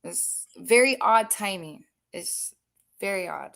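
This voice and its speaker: A woman's voice: medium pitch, animated, slow pace, vocal fry, fairly bright tone. A woman rambling as a panel guest in a casual live-stream chat, giggly and full of fillers.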